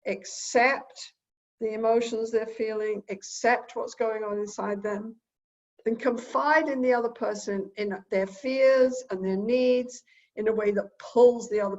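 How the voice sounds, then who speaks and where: A woman's voice: a little high, a little mellow. A woman therapist giving an earnest teaching talk from home. She repeats key phrases and acts out quoted dialogue. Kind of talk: lecture-style talk recorded at home. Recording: dull lo-fi recording.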